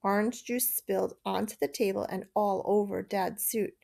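A woman reading a children's novel aloud, steady and measured. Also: medium pitch, vocal fry. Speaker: narrator. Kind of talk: storybook reading.

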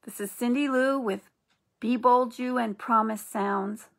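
A middle-aged woman hosting an inspirational channel, speaking in a gentle, earnest and reassuring way. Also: on the high side, steady tone, unhurried, vocal fry. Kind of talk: encouraging spiritual talk.

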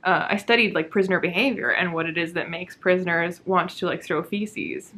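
A woman's voice: on the low side, steady tone, fairly quick, pushed and bright, a little hiss or hum. A woman talking casually to her camera at home about a book she is reading, sarcastic, swearing freely and laughing often. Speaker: book vlogger. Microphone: camera mic.

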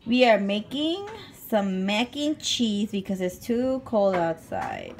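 A woman's voice: mid-range voice, huge pitch swings, slow pace, a little hiss or hum. A young woman with a cough, casually vlogging at home on a phone, playful and teasing, dropping Spanish words into her talk. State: sick with a cough. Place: small apartment indoors.

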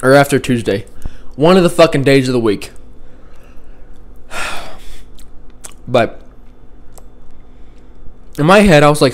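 A man's voice: mid-range voice, a little slow, long pauses. Rambling, profane young man vlogging. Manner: rambling, profane, deadpan and sarcastic. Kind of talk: casual vlog chat. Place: home bedroom.

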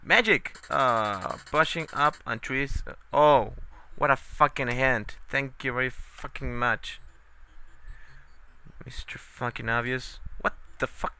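A man doing profane let's play commentary, talking slowly and hesitantly with lots of fillers. His voice is very bright and smooth. He keeps yelling and swearing at the game. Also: medium pitch.

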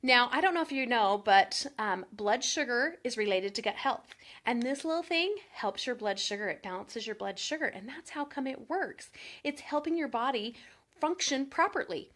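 Casting note: woman in her thirties, high bright voice, chatty vlogger who talks straight to her followers. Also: normal speed. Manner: chatty, animated storytelling with lots of "like". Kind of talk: casual chat to camera.

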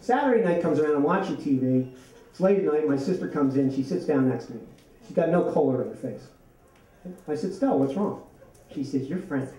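A man's voice: a little high, lively intonation, a little fast, mellow. A man telling a personal story on stage at a live storytelling event, chatty and often laughing as he speaks. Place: event venue, from a distance. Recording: roomy and echoey from far off.

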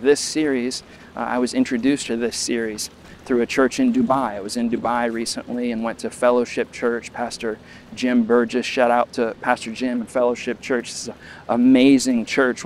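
A man preaches a sermon in an easy, conversational way, doubling back on words now and then and lifting his voice to act out quotes. His pitch sits in a medium range for a man. A faint hiss of noise runs underneath. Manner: conversational preaching with restarts, rising when quoting. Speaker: pastor.

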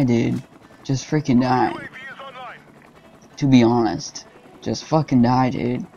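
A young man hosting his gaming channel plays a shooter game, offering casual commentary as he swears, gets frustrated and rants at his teammates. His mid-range voice is steady, slow, creaky and mellow. The recording is muffled, with game music and gunfire behind him.

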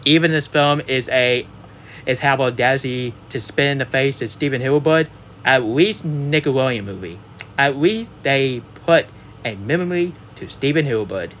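A man's voice: medium pitch, moderate pace, a bit bright, a little hiss or hum. Rambling man ranting about a movie. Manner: rambling and emphatic, restarts sentences often. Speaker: movie reviewer. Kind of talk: casual spoken movie rant.

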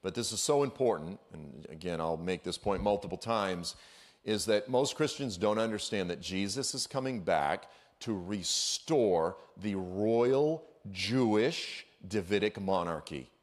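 Man giving an energetic, casual sermon. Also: on the low side, measured pace. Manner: energetic, conversational, digressive, uses casual slang. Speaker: guest speaker. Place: church.

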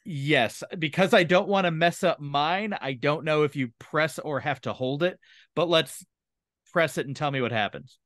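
A man's voice: fairly high pitch, normal speed, fairly bright tone, no room sound, studio quality. A man as a comedian guest on a casual podcast, jokey and giving step-by-step instructions with mock confidence.

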